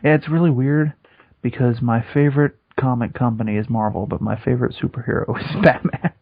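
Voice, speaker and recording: A man co-hosting a comedy podcast in an easy, mid-pitched voice. He riffs on absurd bits with a deadpan delivery. The sound is dry and lo-fi. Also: a little fast, vocal fry, no echo. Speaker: podcast co-host. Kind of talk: casual comedic chat. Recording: dry, dull lo-fi podcast audio.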